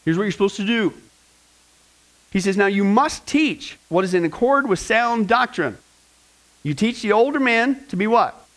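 Lively high-voiced male preacher. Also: normal speed, pauses often, rough recording. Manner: lively, joking asides with the congregation. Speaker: pastor. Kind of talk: church teaching sermon.

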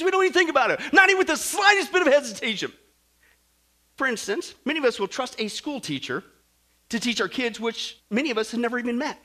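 A man preaching a sermon, animated and jokey, acting out stories and swinging between loud and soft. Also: very high-pitched. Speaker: pastor.

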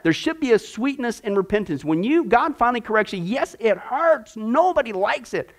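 A man's voice: very high voice, big pitch swings, normal speed, hardly any pauses. A man teaching a discipleship Bible class, asking rhetorical questions and acting out little voices as he goes.

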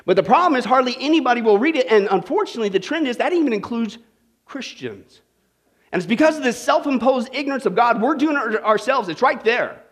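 A male pastor preaching with a high, bright voice that swoops up and down. He leans hard on rhetorical questions and keeps checking in with his listeners. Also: fast talker. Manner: animated, asks the audience rhetorical questions. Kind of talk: sermon.

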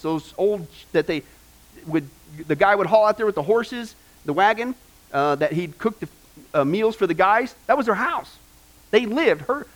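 A male pastor preaching a sermon, telling family stories in an animated way with many "uh" fillers. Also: high-pitched.

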